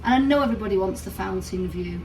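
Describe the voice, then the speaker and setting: A woman's voice: medium pitch, fast talker, a little mellow, slight background noise. A woman in her fifties, a travel vlogger, tipsy and telling stories animatedly in a hotel room, swearing freely. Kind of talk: casual storytelling vlog.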